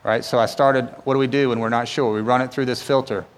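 A man's voice: mid-range voice, steady tone, fast, big-room sound. A man pastor giving a sermon in a casual, conversational way, often asking rhetorical questions and checking in with "right?".

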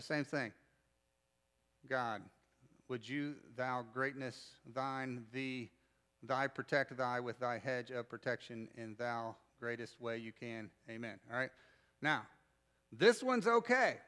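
Man, 40s, pastor, bright voice, slightly high, joking sermon, loud bursts.

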